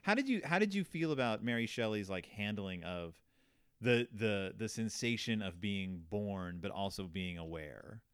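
A man hosting a casual book discussion, animated and quick to act out quotes. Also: lowish voice, clear, resonant tone, dry recording, clean studio sound. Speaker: podcast host.

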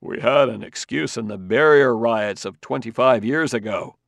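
A man playing a composed male scientist who speaks mildly and softly. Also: mid-range voice, normal speed, gravelly, no room sound, clean studio sound. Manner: mild and soft-spoken.

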